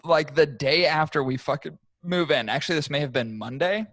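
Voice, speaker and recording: Profane, animated young man telling a story. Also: on the high side, brisk, dry recording. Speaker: podcast co-host. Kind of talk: casual chat.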